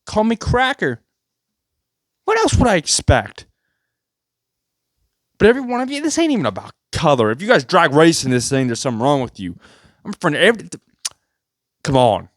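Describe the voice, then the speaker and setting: A man's voice: wildly swooping pitch, normal speed, pauses often, no room sound, clean studio sound. A man delivering a sarcastic, rambling comedic rant to his viewers. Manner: sarcastic, rambling, jumpy pitch. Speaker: vlogger.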